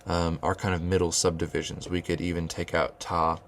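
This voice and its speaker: A man with a very low, gravelly voice explains rhythm as he writes it out. He talks it through loosely, with fillers and restarts, and chants the counting syllables. A faint hiss sits under the recording. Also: flat delivery, a little fast, fairly bright tone. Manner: thinking aloud with many fillers and restarts. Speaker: music teacher. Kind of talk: whiteboard rhythm lesson.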